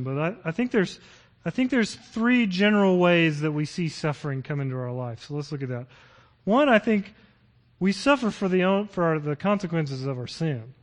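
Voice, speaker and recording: A middle-aged man preaching a sermon as pastor, earnest and building to impassioned scripture reading. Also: a little high.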